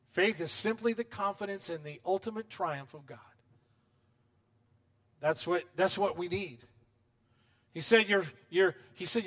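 A man delivering a sermon from the pulpit in a high-pitched voice. He preaches emphatically, repeats his key phrases, and swells louder when quoting scripture. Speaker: pastor.

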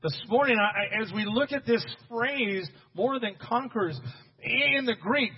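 A pastor delivers an energetic sermon, pushing his words out in emphatic bursts and calling back to the congregation. His voice sits high for a man and has a husky grain. The recording sounds a little muffled and dull. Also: a little slow, long reverb tail. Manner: emphatic, rising to loud bursts, addressing the congregation directly.

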